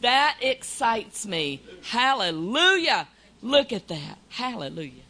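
A woman's voice: fairly high pitch, big pitch swings, slow pace, bright, forceful tone. A woman hosting a faith talk show, speaking fervently and full of exclamations and hallelujahs.

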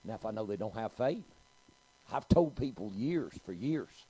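A man's voice: fairly low pitch, very animated, normal speed, dark tone, slightly rough, dry recording, low-quality recording. A middle-aged man, preaching a sermon and telling a story, calling out to his congregation. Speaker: pastor.

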